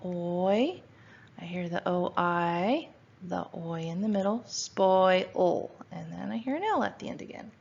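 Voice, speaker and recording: A woman's voice: fairly low pitch, creaky. A woman teaching a phonics spelling lesson to first graders, patiently sounding out letters and asking questions, recorded at home. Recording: dull lo-fi recording.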